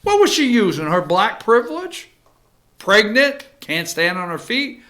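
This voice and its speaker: A man's voice: sits high, big pitch swings, unhurried, bright, forceful tone. A male talk show host giving emphatic, opinionated commentary and cueing his producer between clips. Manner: ranting, emphatic, cues the producer.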